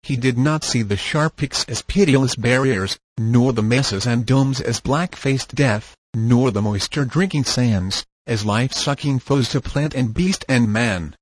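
A man narrating an audiobook in a steady, measured reading voice. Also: medium pitch, husky, no room sound.

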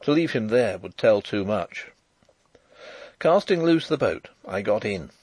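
A man's voice: fairly low pitch, animated, measured pace, darkish tone, breathy edge, dry recording. Man narrating a novel aloud, dry sound. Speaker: audiobook narrator.

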